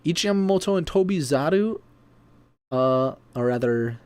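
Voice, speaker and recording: A man's voice: fairly high pitch, animated, normal speed, a little mellow, clear, resonant tone. A man hosting a casual livestream from home, chatty and self-deprecating, laughing often and eating between remarks. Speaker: sumo livestream host.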